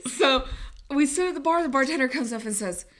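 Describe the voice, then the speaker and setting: A woman co-hosting a podcast, telling a story in an animated way, laughing often and acting out what people said. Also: high-pitched, brisk. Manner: animated, laughing, swearing, acts out quotes. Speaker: podcast co-host. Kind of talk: casual storytelling.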